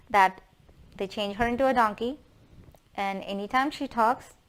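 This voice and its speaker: A woman retelling a folk tale casually, her pitch sitting in a middle range. She talks in a loose, chatty way, leaning on fillers as she goes. It sounds like an informal retelling rather than a polished reading. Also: fairly bright tone, smooth. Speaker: storyteller.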